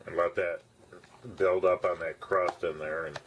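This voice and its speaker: A man's voice: deep voice, little pitch movement, a little slow, fairly bright tone, husky. An older man chatting casually through a home cooking video, homey and talkative, sometimes talking with his mouth full. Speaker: home cook.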